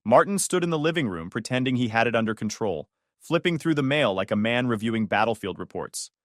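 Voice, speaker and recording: A man's voice: medium pitch, lively intonation, a little fast, no echo, studio quality. Matter-of-fact man narrating a story. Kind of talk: scripted first-person story narration.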